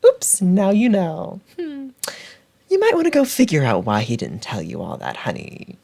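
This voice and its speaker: A man's voice: high voice, wildly swooping pitch, moderate pace, vocal fry, darkish tone, voice pushed up, full character voice. A man voicing a campy, teasing magical creature who talks in a singsong way and keeps calling the listener honey. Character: sassy, campy magical creature summoned like a demon.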